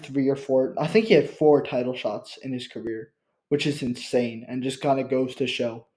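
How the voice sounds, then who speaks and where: Guy doing a chill one-take vlog into his computer mic, kinda stumbly, lots of ums, mellow voice. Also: mid-range voice. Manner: halting, with frequent fillers and restarts. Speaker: channel host. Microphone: built-in computer mic.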